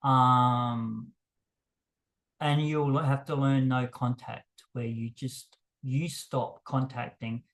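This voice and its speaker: A man talking frankly to camera about dating, blunt and self-deprecating, his voice jumping higher whenever he gets worked up. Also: flat delivery, slow, fairly bright tone. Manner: emphatic, voice jumps higher when worked up. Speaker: vlogger. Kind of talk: unscripted monologue to camera.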